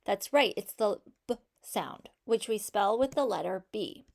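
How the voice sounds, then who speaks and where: A woman's voice: mid-range voice, lively intonation, a little slow, vocal fry, darkish tone. A woman teaching a phonics lesson to children, patiently sounding out each sound in a word and praising answers.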